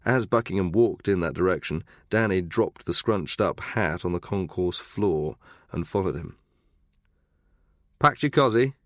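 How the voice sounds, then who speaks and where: A man narrating a thriller audiobook in a steady, measured reading. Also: sits low, no echo, clean studio sound. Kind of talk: scripted narration.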